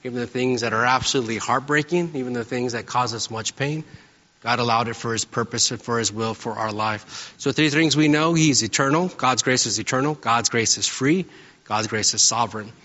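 A man preaching a sermon in a church, casual and story-driven, often tagging his points with a quick "right?". His voice is bright and pushing, carried by the long reverb of a large room. The recording sounds a little dull and lo-fi. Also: mid-range voice. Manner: conversational, storytelling, frequent "right?" tag questions. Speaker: pastor.

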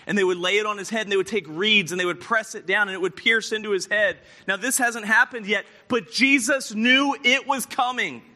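A man preaching a sermon, telling a story dramatically and acting out quoted lines, moving between loud passages and hushed ones. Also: high voice, fairly quick, few pauses.

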